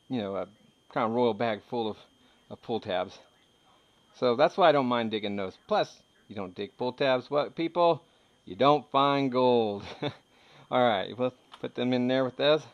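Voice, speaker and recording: A man's voice: medium pitch, lo-fi sound. Rambling, joking man in his thirties. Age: 30s. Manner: rambling, joking, laughs often. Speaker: metal detecting hobbyist. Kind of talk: casual chat showing finds.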